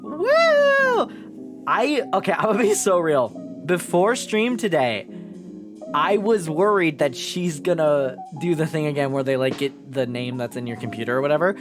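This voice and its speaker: A woman's voice: low voice, music in the background. A young woman streaming a game live, chatting casually, swearing and poking fun at herself. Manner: chatty, swearing, self-mocking, quick laughs.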